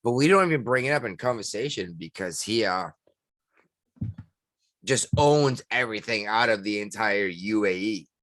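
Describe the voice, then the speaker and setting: A man's voice: on the low side, animated, normal speed, a bit bright, no echo. Casting: male podcast co-host, blunt and swearing, dry close mic. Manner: blunt, swears freely, laughs while talking. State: hiccuping. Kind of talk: casual chat.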